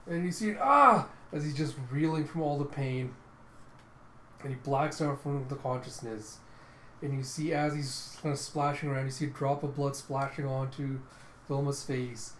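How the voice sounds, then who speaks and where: A man walks through a comic page by page in a loose, rambling play-by-play. His pitch sits in the ordinary male middle, and the room adds a noticeable echo with a faint hiss. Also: little pitch movement, moderate pace, darkish tone. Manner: casual, rambling play-by-play with fillers. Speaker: comic readthrough host. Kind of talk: casual comic narration.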